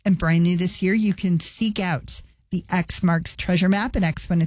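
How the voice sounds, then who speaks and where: A woman's voice: fairly low pitch, fairly even intonation, moderate pace, dry recording, studio quality. A woman radio host reading a contest promo in an upbeat, chatty way.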